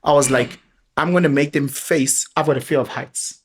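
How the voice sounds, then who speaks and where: A middle-aged man with a South African accent, telling animated parenting stories in a casual podcast chat. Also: medium pitch, moderate pace, breathy edge. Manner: animated storyteller, mixes local words into his talk. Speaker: father sharing parenting stories.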